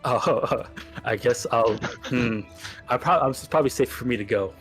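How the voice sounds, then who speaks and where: A man playing a tabletop game, talking casually and haltingly with the game master. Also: mid-range voice, faint music behind. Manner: hesitant, halting. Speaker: player.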